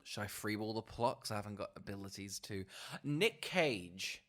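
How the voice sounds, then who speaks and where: A man's voice: lowish voice, animated, moderate pace, fairly bright tone. A man co-hosting a casual film podcast, rambling and trailing off with laughs. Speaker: podcast co-host.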